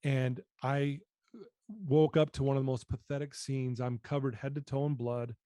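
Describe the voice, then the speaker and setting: Middle-aged guy on a podcast, candid and earnest, mellow voice, really dry close sound. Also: medium pitch, little pitch movement, normal speed, clear, resonant tone, dry recording. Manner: earnest, candid, repeats phrases while confessing. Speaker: guest. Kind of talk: storytelling in an interview.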